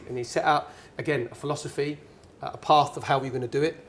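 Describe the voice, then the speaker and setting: A middle-aged man tells a story to a room, chatty and lively, acting out the other voices as he goes. His voice sits a touch high for a man. A faint bar hum runs underneath. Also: fast, few pauses. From England. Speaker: guest speaker, former footballer and pundit. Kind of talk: anecdotal storytelling on stage. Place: bar at a networking event.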